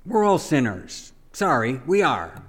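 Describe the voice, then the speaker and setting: Conversational priest preaching in an echoing church. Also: male voice, medium pitch, sing-song, measured pace, a bit bright. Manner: conversational, asks the congregation questions. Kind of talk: sermon.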